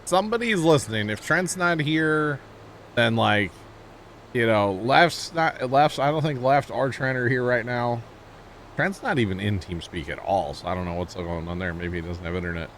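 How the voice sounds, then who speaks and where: A man's voice: mid-range voice, moderate pace, a bit bright, a little hiss or hum. A man from Missouri with a St. Louis accent, chatting casually with stream viewers while playing a game, rambling and laughing easily. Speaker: livestream gamer.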